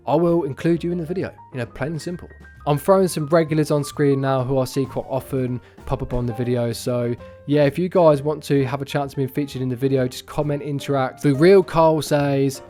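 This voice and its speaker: A man's voice: medium pitch, a little mellow. A young man giving chatty gaming news commentary as a YouTuber, with playful jokey asides.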